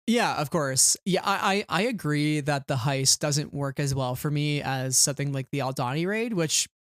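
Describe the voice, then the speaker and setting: Smooth-voiced thoughtful male podcast host. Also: a little high, normal speed, fairly bright tone, dry recording, studio quality. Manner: thoughtful, earnest, a little hesitant. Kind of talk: casual chat.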